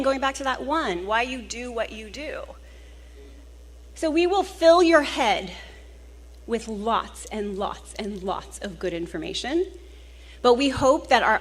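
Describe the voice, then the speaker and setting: A woman with a fairly high voice opens a professional conference with an earnest, heartfelt welcome. She speaks to a live audience in a conference hall and grows emotional now and then, with small laughs. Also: a bit bright. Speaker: conference host.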